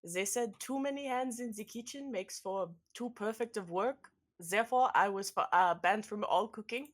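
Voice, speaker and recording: A woman's voice: high-pitched, slow. A woman voicing a tall four-armed male food taster, rambling and giggly in her own voice. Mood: sheepish.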